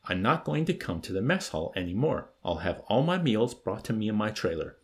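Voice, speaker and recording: A man's voice: fairly low pitch, a little fast. A man voicing a curt, withdrawn army major. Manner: curt, flat, clipped replies.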